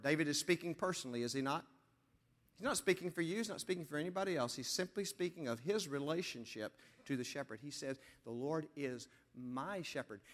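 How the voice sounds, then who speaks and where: A man preaching a sermon as pastor, moving between emphatic lines and hushed, slow stress on key words. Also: sits high. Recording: long hall reverb.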